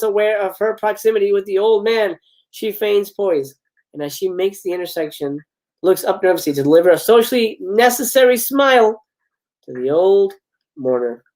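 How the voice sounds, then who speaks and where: A man's voice: high-pitched, normal speed, darkish tone, rough recording. Brief: male streamer reading a screenplay live, casual, laughs at lines, trips over words. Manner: reads stage directions with chuckling asides and stumbles. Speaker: host reading film scripts. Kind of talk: live script read-aloud.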